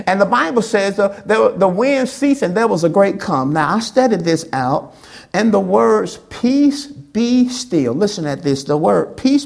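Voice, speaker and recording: A woman pastor preaching a sermon, acting out quoted lines with big swings in pitch and loudness. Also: creaky.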